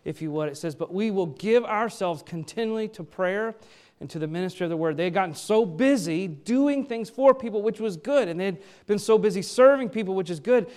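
A man's voice: high-pitched, a little mellow, smooth. A man preaching a sermon as a pastor, reading scripture aloud and asking and answering his own questions with emphasis.

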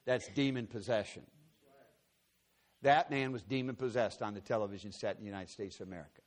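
A man's voice: fairly low pitch, fairly quick. A man preaching in a large auditorium, telling a story with earnest drama and acting out the quotes. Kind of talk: sermon storytelling.

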